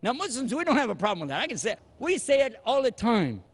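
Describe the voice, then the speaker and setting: A man preaching a sermon in an animated, humorous way, acting out little scenes of dialogue. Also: extremely high pitch, fast talker, breathy edge. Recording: echoey hall reverb.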